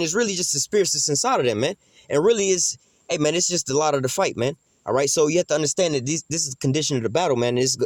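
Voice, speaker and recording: A man's voice: on the high side, no room sound. A man preaching informally from the Bible, slangy and profane, rambling and repeating "man" and "you know what I'm saying". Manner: acts out quoted relatives in heated voices. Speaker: street preacher.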